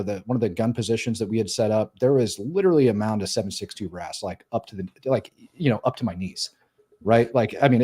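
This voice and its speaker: Man telling war stories, animated. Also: mid-range voice, husky. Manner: animated, profane, acts out quoted voices. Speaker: podcast guest, former Green Beret. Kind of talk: casual storytelling.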